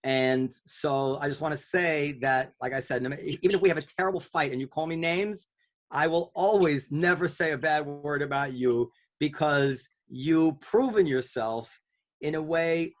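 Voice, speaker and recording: At a normal pace, a podcast host with a slightly higher voice runs a casual round-table discussion. He rambles along conversationally, doubling back on himself, with lots of ums and restarted phrases.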